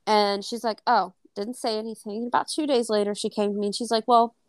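Dry, close-sounding woman telling a lively story. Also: mid-range voice, brisk, few pauses, smooth, no room sound. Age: adult. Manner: animated, acts out quoted dialogue, swears freely. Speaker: podcast co-host. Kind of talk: casual storytelling chat.

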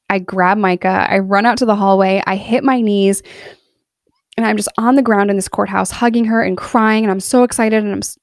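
A woman's voice: mid-range voice, steady tone, moderate pace, darkish tone, no echo, clean studio sound. A woman in her thirties telling her personal story in a candid, earnest monologue, emotional in places. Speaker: podcast storyteller.

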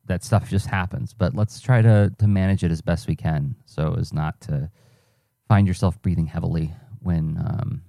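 A man's voice: deep voice, fairly even intonation, normal speed, gravelly, warm tone, no echo, clean studio sound. A man hosting a solo podcast, thinking aloud in a rambling, self-correcting, conversational way. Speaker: podcast host, cartoonist and teaching artist. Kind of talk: reflective solo podcast monologue.

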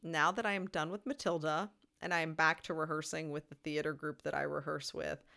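A woman co-hosting a casual podcast with a slightly low but bright voice. She rambles through her story, linking each step with "and then". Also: steady tone, a little fast, creaky. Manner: chatty, rambling, piles up clauses with "and then". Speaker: teacher and podcast co-host. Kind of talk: casual chat.

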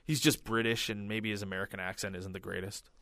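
A man's voice: fairly low pitch, level tone, fast talker, fairly bright tone, dry recording. A man co-hosting a casual podcast, rambling with lots of "like" fillers. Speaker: podcast co-host. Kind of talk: casual chat.

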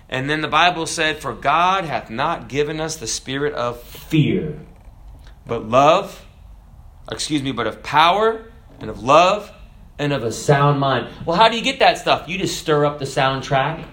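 A man's voice: mid-range voice, a bit bright. A middle-aged man preaching a sermon in a conversational, joking way. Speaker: pastor.

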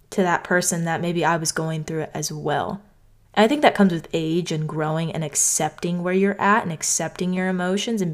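A young woman from North Carolina hosting her own podcast, talking earnestly and conversationally, often saying "like". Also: lowish voice. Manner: earnest, conversational, heavy use of "like". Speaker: podcast host. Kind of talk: reflective solo podcast talk.

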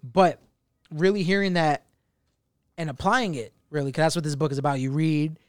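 A man's voice: a little high, steady tone, moderate pace, background noise. A man co-hosting a podcast in casual chat, rambling in a blunt, profane way. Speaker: podcast co-host.

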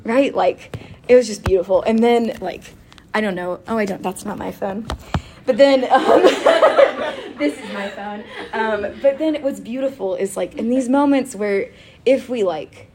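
A woman chatting casually about faith and telling a personal story, animated and quick to laugh, with lots of "like". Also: fairly high pitch, a little hiss or hum. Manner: animated and giggly, with frequent laughter and filler "like".

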